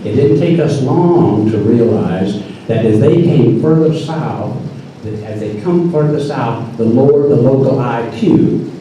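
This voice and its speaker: Casting: older man, mellow dark voice, dry folksy live storyteller, distant mic in an echoey hall. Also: mid-range voice, lively intonation, a little slow, slight background noise. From North Carolina.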